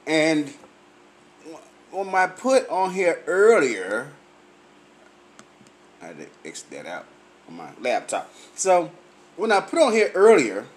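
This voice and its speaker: A tipsy man, laughing often, on a loud and profane comic rant to his camera. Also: fairly high pitch, huge pitch swings, slow pace, long pauses. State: tipsy from drinking. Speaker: vlogger.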